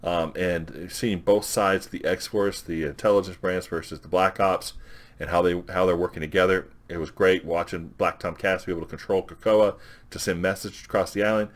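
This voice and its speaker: A man's voice: low-pitched, steady tone. A man giving a casual, rambling review of a comic issue, recapping scenes and quoting characters' dialogue. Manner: rambling, with restarts and quick quoted dialogue.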